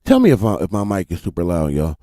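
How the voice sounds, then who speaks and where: A man's voice: low-pitched, fast, no echo, clean studio sound. A man hosting a live stream, talking animatedly to his chat in a casual, profane way. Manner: animated, swears freely, addresses chat directly. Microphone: desk mic.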